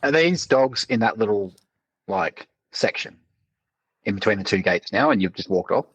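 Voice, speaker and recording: Husky-voiced podcast co-host. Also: male voice, on the low side, lively intonation, moderate pace. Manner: laid-back, amused interjections. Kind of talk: casual chat.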